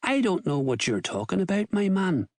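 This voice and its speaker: A man voicing a cocky, teasing thief who mocks his enemy with put-on posh airs, his voice riding high and playful. A sly audiobook rogue, recorded dry and close. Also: sing-song, moderate pace, no echo. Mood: mocking. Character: cocky middle-aged male thief, mocking.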